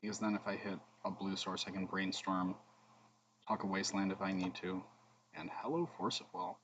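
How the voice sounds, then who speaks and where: A man's voice: sits low, fairly even intonation, moderate pace, background noise. A man streaming a card game, thinking aloud between plays, humming and muttering, with joking asides to his chat. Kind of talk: casual gameplay commentary.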